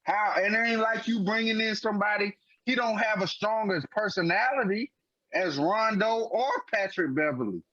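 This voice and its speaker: A man's voice: sits high, moderate pace. A man co-hosting a sports podcast, arguing emphatically in casual slang. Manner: animated, emphatic, heavy slang. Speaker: podcast co-host. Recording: dull lo-fi podcast audio.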